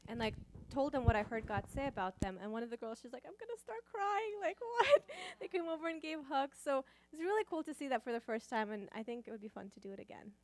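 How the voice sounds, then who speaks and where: A woman's voice: fairly high pitch, lively intonation, quick pace, hardly any pauses, slight background noise. A young college woman telling a church group about a campus outreach, speaking casually with many "like"s and "um"s. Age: young adult. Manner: casual, rambling, lots of "like" and "um". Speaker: college student sharing testimony. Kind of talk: church testimony.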